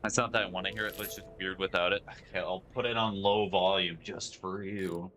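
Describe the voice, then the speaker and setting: Low-voiced streamer chatting over humming noise. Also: male voice, fairly quick. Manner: chatty, answers viewers' chat messages as he plays. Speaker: game streamer. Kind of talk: casual live-stream chat while playing. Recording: steady noise and hum behind the voice.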